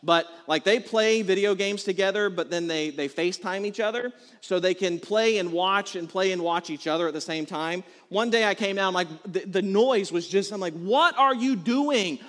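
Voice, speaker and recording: A man's voice: high-pitched, moderate pace, few pauses, big-room sound. A man preaching a sermon as a pastor, talking casually and joking as he tells stories to his congregation. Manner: conversational, joking, animated storytelling.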